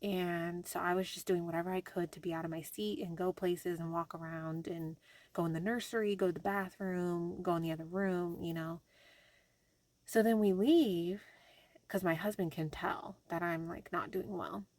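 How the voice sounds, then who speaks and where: A woman's voice: on the low side, steady tone, moderate pace, darkish tone, dry recording. Rambling young woman telling a story. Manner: candid, rambling storytelling with many fillers. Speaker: vlogger. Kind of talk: personal diary vlog.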